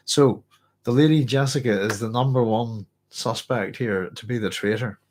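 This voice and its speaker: A man's voice: mid-range voice, normal speed, a little mellow. Musing man hosting a book club. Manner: thoughtful, rambling, many ums and restarts. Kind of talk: casual live book discussion, reading aloud and chatting.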